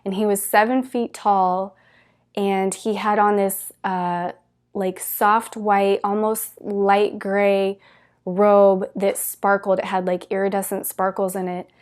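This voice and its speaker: A woman's voice: medium pitch, level tone, slow, darkish tone. A woman giving a spiritual talk to her viewers, telling it in an earnest, gushing way with many "like" fillers. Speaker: spiritual teacher.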